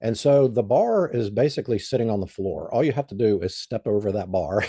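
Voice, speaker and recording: Low, husky man explaining as a guest. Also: sing-song, normal speed, dark tone, no echo, clean studio sound. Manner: plain, explanatory, with lots of "um" and "you know". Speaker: guest expert. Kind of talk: explaining in a podcast interview.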